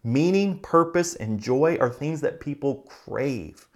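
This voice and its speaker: A man preaching a sermon as a pastor, talking earnestly and conversationally, speeding up and slowing down for emphasis. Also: fairly high pitch, lively intonation.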